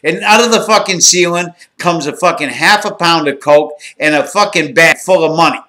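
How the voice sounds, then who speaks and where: A man's voice: a little high, moderate pace, pushed and bright. A man in his sixties telling a raw, profanity-laden story in a blunt, candid monologue. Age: 60s. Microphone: home recording.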